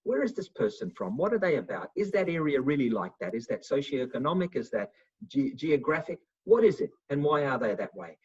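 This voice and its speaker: A man giving a motivational webinar talk over a video call, answering questions and acting out little dialogues in a lively way. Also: medium pitch, fairly quick, slightly rough. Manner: animated, acts out little dialogues. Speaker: webinar speaker. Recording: muffled video call audio.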